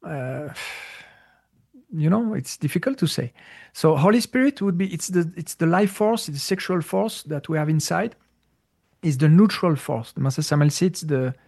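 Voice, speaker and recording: A man speaking English as a second language, explaining spiritual ideas in a casual, halting way with many fillers and searches for words. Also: a little high, lively intonation, vocal fry, darkish tone. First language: not English. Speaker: spiritual teacher. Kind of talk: casual conversational talk.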